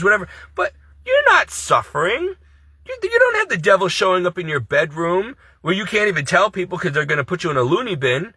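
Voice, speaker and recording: Impassioned, pleading man with a bright, husky voice. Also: high voice, dry recording. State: distressed. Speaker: Catholic video creator. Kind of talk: emotional to-camera monologue.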